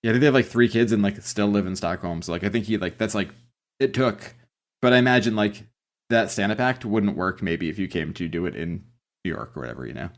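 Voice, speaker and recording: A man co-hosting a podcast, casually explaining background on a sitcom with a relaxed, filler-heavy manner. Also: fairly low pitch, fast. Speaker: podcast co-host. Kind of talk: casual chat about a sitcom.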